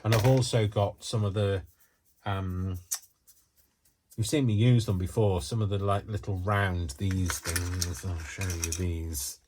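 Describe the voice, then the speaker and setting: A very low-pitched man walks through a craft demonstration in a casual, rambling way, full of fillers and bursts of excitement. He talks from a home craft space with a faint hiss behind him. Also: slow pace. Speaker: craft channel host.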